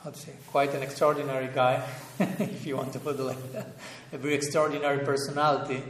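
Softly chuckling man teaching in a roomy hall. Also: mid-range voice, level tone, fast, a little hiss or hum. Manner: thoughtful, chuckles often, searches for words. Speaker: spiritual teacher. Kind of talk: relaxed scripture class talk. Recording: roomy echo, faint room ambience.

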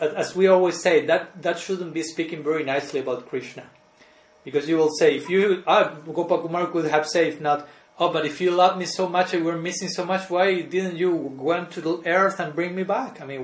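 Higher-voiced man giving a lecture over a call in a roomy space. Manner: halting, restarts phrases, ends points with a questioning "no?"; chuckles between points. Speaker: spiritual teacher. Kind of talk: devotional lecture answering questions on a call. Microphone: group call.

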